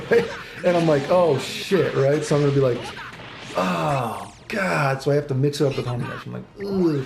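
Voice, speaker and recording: A man's voice: fairly high pitch, a little mellow, a little hiss or hum. A man giving casual commentary on a fighting game while playing, rambling, swearing often and quoting his own thoughts. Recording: echoey room with music behind.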